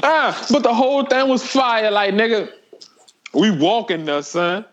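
A young man telling a story in casual chat, animated and profane, laughing as he talks. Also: high-pitched, measured pace, lo-fi sound.

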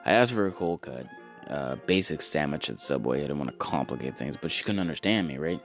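Deep-voiced man telling a rambling story. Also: expressive, a little fast, faint music behind. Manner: rambling, self-mocking, frequent restarts; profane, sarcastic asides. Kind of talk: casual comedic storytelling.

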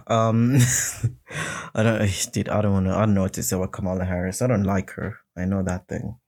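A man's voice: on the low side, a little mellow. A man hosting his own podcast, ranting in a rambling, heated, unscripted way and swearing often. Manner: rambling, heated, swearing, mimics others in mocking voices. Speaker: podcast host. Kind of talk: solo casual rant.

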